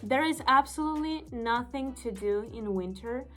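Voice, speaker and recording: A woman's voice: fairly high pitch, expressive, moderate pace, fairly bright tone, faint music behind. A young woman from Estonia chatting casually to the camera as a vlogger, emphatic and repeating her points.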